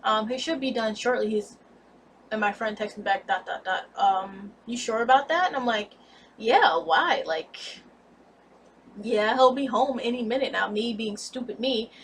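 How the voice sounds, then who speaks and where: A young woman in her twenties telling a candid, blunt storytime vlog about a breakup, expressive and cursing freely. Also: a little high, normal speed, recorded from a distance, a little hiss or hum. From United States. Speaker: vlogger.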